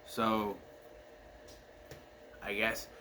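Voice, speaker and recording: A man's voice: fairly low pitch, monotone, very slow, sharp tone, slight background noise. A man casually recapping a horror movie at home, rambling with lots of fillers and restarts. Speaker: movie reviewer. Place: home with his dog asleep nearby.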